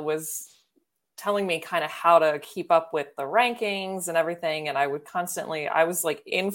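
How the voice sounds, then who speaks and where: A woman guest on a podcast, an author, animatedly telling a personal story and laughing often. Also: fairly low pitch. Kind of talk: casual chat, storytelling.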